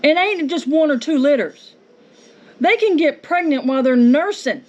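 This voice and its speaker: A homestead vlogger, her high voice expressive and a little mellow at normal speed, delivers an angry venting monologue at a neighbor. She is indignant and confrontational, full of rhetorical questions, at home with the yard being mowed. The recording is dull, lo-fi, and faintly noisy.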